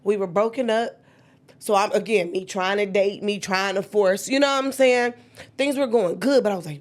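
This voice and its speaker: Animated woman telling a personal story. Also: moderate pace. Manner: animated, acts out quoted dialogue with sudden high-pitched bursts.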